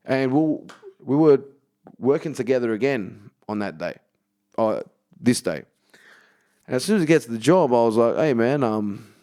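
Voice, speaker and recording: His voice is lowish and a little fast as the comedian guest narrates animatedly in casual podcast conversation, full of swearing and acted-out quotes.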